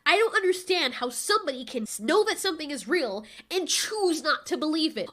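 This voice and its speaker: A woman ranting casually to her camera, exasperated and sarcastic, swearing freely and mimicking other people with sudden pitch jumps. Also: expressive, a little fast, hardly any pauses, a bit bright. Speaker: vlogger.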